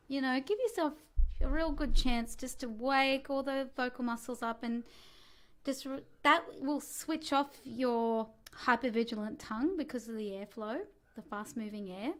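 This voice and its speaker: A singing teacher leading a relaxed vocal warm-up lesson, chatty and encouraging with self-mocking asides. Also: female voice, sits high, normal speed.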